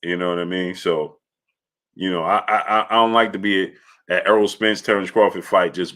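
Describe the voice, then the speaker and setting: Casting note: a man with a bright, forceful voice hosting a laid-back sports stream, telling rambling stories and greeting chat viewers. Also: deep voice, normal speed. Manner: loose storytelling, shouting out chat viewers by name. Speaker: livestream sports show host. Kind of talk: casual live-stream chat.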